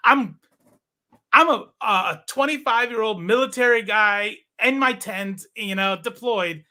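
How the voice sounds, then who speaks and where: A man's voice: high voice, unhurried, sharp tone. A man in his forties, a guest in a casual interview, telling a long personal story with many fillers and restarts. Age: 40s. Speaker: podcast guest.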